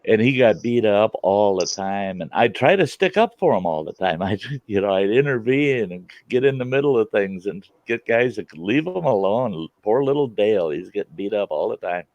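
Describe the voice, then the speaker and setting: A middle-aged man tells stories in a relaxed chat, laughing often. His low voice rises and falls with lively swings. The sound is dry and a little muffled. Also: moderate pace, hardly any pauses, no echo. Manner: laughs often, animated storytelling. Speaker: host. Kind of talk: casual chat. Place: outdoors at a campfire. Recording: dull lo-fi sound.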